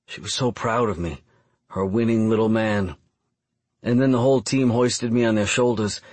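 A young man reading a first-person audiobook in a calm, measured, reflective way. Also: on the low side, dry recording. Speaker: audiobook narrator.

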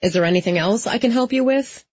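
A woman voicing a sharp-tongued, sarcastic young woman in an audiobook. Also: lowish voice, animated, slow pace, slightly rough, no room sound, full character voice. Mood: snappy. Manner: sarcastic, snappy. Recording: slightly dull lo-fi.

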